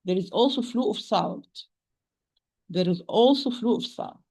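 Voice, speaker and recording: A woman with an Arabic accent teaching Quran pronunciation, repeating sounds slowly and patiently to demonstrate them. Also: mid-range voice, lively intonation, a little mellow, slightly rough. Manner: addresses listeners as "my dear sister". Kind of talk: pronunciation lesson.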